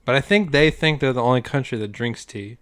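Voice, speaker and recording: A man's voice: medium pitch, fairly quick, a bit bright, smooth. A man from the United States co-hosting a casual podcast chat, loose and profane, laughing as he talks. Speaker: podcast co-host.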